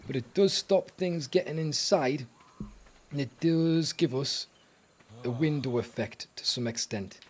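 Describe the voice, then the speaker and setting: A man's voice: a little high, a little mellow. Rambling, self-mocking man streaming. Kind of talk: live gameplay chat.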